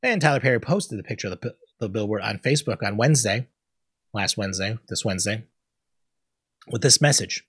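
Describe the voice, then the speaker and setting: A man's voice: medium pitch, expressive, fast, husky, dry recording, studio quality. A man hosting a casual solo talk show, ranting bluntly and swearing freely about the news. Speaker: podcast host.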